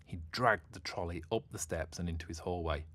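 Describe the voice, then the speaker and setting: A man narrating a children's story in an expressive, animated way. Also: sits low, fairly quick.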